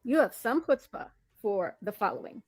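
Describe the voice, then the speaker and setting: A woman's voice: on the high side, expressive, normal speed, slightly rough, no echo. A woman giving pointed, critical commentary on a clip. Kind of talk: commentary on clips.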